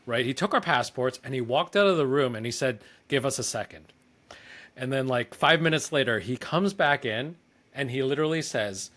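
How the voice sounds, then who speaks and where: A man's voice: medium pitch, a bit bright. A young man co-hosting a podcast, telling a story in a loose, rambling way, full of fillers, acting out the people he quotes. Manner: rambling, lots of "like", acts out quoted dialogue. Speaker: podcast co-host. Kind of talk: casual storytelling chat.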